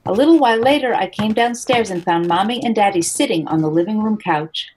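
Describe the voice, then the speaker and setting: Gentle woman reading a picture book. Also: medium pitch, a little fast, a little hiss or hum, poor audio. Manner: gentle, expressive storytelling. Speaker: author reading her book. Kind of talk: children's picture book read-aloud.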